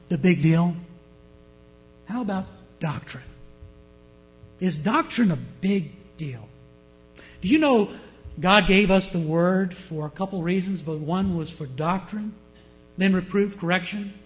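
A man's voice: high-pitched, a bit bright, poor audio. A male pastor preaching an emphatic sermon with a story.

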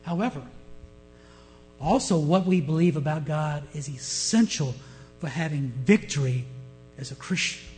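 A male pastor preaching a sermon in an emphatic, storytelling manner. His voice sits high for a man. Soft music plays faintly behind him. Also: measured pace, pauses often, rough recording.

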